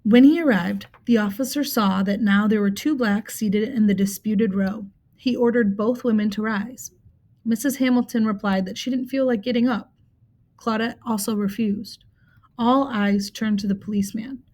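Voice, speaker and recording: A woman reads a book aloud in a measured, even storytelling manner. Her voice is mellow and warm, sitting in a middle pitch range. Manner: steady, measured storytelling with occasional slips. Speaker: reader.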